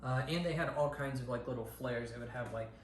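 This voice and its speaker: A podcast co-host with a mid-range voice speaks fairly quickly while giving a casual movie review. He rambles, with lots of ums and restarts, and the echoey room carries a faint hiss.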